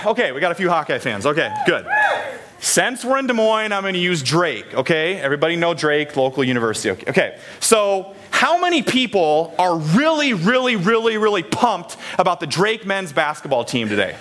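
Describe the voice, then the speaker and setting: Chatty Midwestern pastor, higher voice. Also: male voice, big pitch swings, moderate pace, background noise. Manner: chatty, asks the congregation questions. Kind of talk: sermon. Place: church in Des Moines, Iowa.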